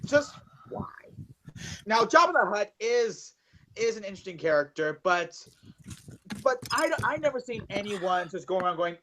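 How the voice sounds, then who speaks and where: A man's voice: high voice, big pitch swings, moderate pace, long pauses, fairly bright tone. A man co-hosting a casual podcast about movies, rambling with many fillers and swearing. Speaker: podcast co-host.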